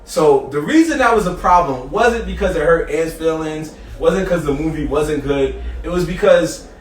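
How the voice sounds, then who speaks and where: A man tells a story in casual podcast talk, fairly high-pitched and acting out every quote. He sits back from the mic in a roomy, echoing space with a faint hiss underneath. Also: moderate pace, distant mic. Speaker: podcast co-host.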